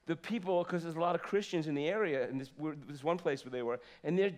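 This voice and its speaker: Animated preaching man, fairly high voice. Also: fast. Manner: animated, swings from loud exclamations to soft asides. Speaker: pastor. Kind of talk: sermon. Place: church sanctuary.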